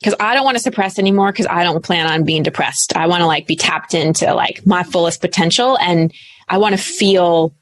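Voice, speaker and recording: Earnest woman coach, low voice. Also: fairly quick, dry recording. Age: 30s. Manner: earnest, animated storytelling with fillers. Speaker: guest coach. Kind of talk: candid interview talk.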